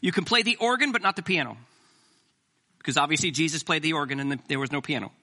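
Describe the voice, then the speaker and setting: A middle-aged man preaching a sermon as pastor, animated and joking with the congregation. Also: a little high, quick pace.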